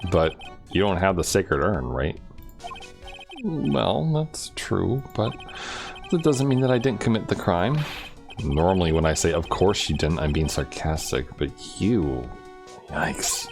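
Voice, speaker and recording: A man's voice: low-pitched, lively intonation, measured pace, vocal fry, a little mellow, faint music behind, full character voice. A man voicing a timid, jittery young man who keeps pleading and stammering. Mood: whiny pleading.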